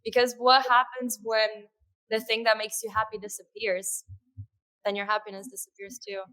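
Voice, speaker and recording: A woman's voice: on the high side, flat delivery, normal speed. Earnest woman podcast guest. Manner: earnest, with frequent fillers and soft laughs. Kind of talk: conversational interview.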